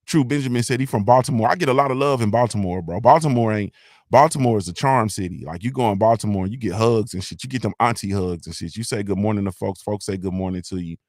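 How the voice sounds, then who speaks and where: A man's voice: fairly low pitch, fast talker, darkish tone, no echo, clean studio sound. A middle-aged man from Ohio, by way of Mississippi, hosting a casual live-stream morning show, rambling loosely, repeating "you feel me," and swearing freely.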